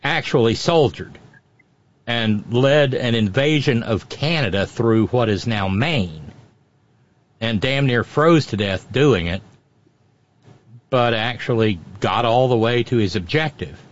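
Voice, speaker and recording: A man's voice: medium pitch, animated, slow, muffled recording. A man giving wry, storytelling commentary as a regular on a radio talk show, often restarting his sentences.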